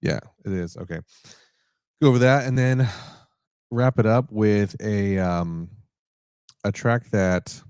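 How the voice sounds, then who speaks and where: A man co-hosting a podcast, chatting casually in a relaxed, rambling way and often correcting himself. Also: lowish voice, no echo, studio quality. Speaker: podcast co-host. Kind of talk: casual chat.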